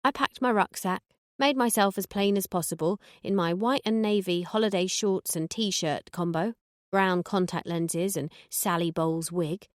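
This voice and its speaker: A woman reading a first-person audiobook in a dry, sardonic, deadpan way. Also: lowish voice, no echo. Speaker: audiobook narrator.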